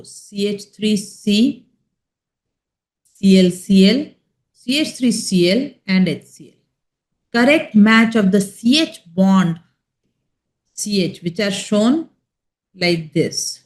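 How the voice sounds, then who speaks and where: A woman with an Indian English accent giving a chemistry lecture, explaining slowly and checking in with her students. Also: medium pitch, animated, darkish tone. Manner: slow, emphatic explaining with frequent check-ins. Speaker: chemistry teacher. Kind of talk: classroom lecture.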